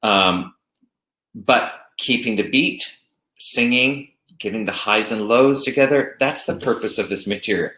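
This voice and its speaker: A man who teaches elementary music, presenting a workshop in a chatty way and now and then singing a children's song slowly. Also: fairly low pitch, fairly bright tone. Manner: chatty, demonstrates songs by singing them slowly. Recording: roomy echo.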